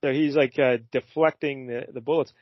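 A man's voice: medium pitch, fairly even intonation, normal speed, dry recording, highs cut off. A man co-hosting a podcast, chatting casually and rambling with lots of fillers about a comic. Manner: laid-back, rambling with many fillers. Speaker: podcast co-host. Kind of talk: casual chat recapping a comic.

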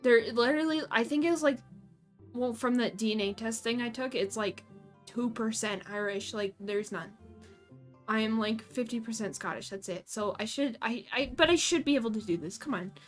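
Brief: high-pitched woman streamer, unhurried, giggly, faint game music behind. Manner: giggly, self-mocking, lots of "like". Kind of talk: casual game commentary, reading game text.

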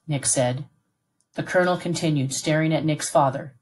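A woman narrating a novel aloud in a steady, clear, unhurried reading voice. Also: deep voice.

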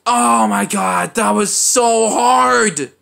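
A young man giving let's play commentary, excitable and often breaking into panicked high shouts. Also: extremely slow, creaky. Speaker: gaming channel host.

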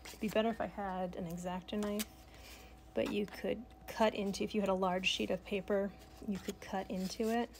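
A middle-aged woman guides an art lesson from her home studio in a gentle, unhurried storytelling voice. She often drops to a soft whisper as she works. Her pitch sits in a middling range, with faint background noise. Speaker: art teacher. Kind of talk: art tutorial narration.

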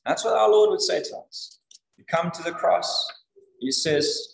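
A man preaching a sermon in an earnest, animated way, repeating words for emphasis. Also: sits high, unhurried, vocal fry, a little hiss or hum. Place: church. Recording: echoey church hall.

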